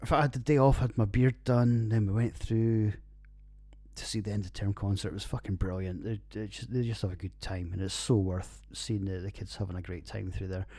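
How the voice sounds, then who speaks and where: A man's voice: fairly low pitch, steady tone, a little fast, warm tone, no room sound. Sweary rambling Scottish man, dry sound. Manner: rambling, sweary, laughs at own jokes. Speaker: podcast host. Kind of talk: casual beer review monologue. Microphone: computer recording.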